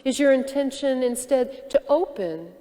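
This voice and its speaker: A woman minister giving a sermon, teaching gently and reflectively and posing questions to the congregation. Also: sits high, expressive, measured pace, long reverb tail. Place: church sanctuary.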